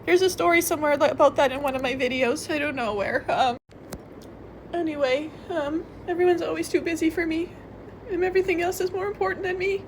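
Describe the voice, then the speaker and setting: A woman's voice: sits high, brisk, slight background noise. A woman vlogger talking in a rambling, emotional confessional monologue, tearful and congested, sometimes laughing through her tears.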